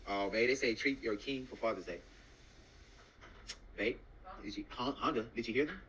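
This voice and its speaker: A man chatting and joking loudly on a casual livestream. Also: mid-range voice, moderate pace, slight background noise, poor audio.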